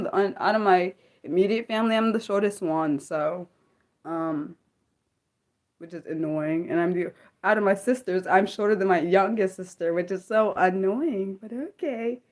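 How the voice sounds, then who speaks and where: A woman hosting an unscripted livestream, chatting and rambling with viewers and reacting loudly to the chat. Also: mid-range voice, moderate pace. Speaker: livestream host.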